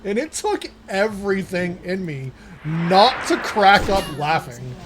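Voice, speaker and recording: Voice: medium pitch, animated, a little slow, a bit bright, a little hiss or hum. A streamer telling long, rambling anecdotes in a casual chat, acting out the voices of the people in the story.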